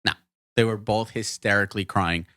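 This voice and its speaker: A man's voice: lowish voice, moderate pace. A man who runs a wedding entertainment business, a podcast guest telling a story casually and animatedly, swearing freely. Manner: animated, swears freely, acts out quotes in raised voice.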